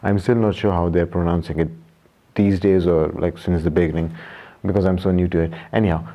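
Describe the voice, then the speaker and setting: Deep-voiced young man, rambling casual vlog. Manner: rambling, self-correcting, frequent fillers. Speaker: vlogger. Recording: muffled low-fidelity audio.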